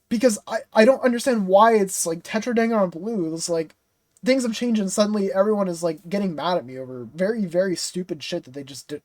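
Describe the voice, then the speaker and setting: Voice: mid-range voice, no echo. A content creator ranting straight to the camera in a frustrated, rambling way, full of fillers and swearing. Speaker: game reaction content creator. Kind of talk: casual direct-to-camera rant.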